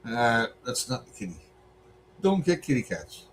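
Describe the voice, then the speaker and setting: A man's voice: mid-range voice, big pitch swings, normal speed, slight background noise, rough recording. A Canadian man in his forties, a streamer giving blunt, profane, rambling commentary on a debate. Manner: blunt, swearing, rambling asides.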